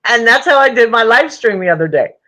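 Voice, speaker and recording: Chatty woman hosting a livestream, lively voice. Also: fairly high pitch, quick pace. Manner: chatty, laughs often, talks to viewers. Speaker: livestream host. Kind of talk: casual livestream chat. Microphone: phone.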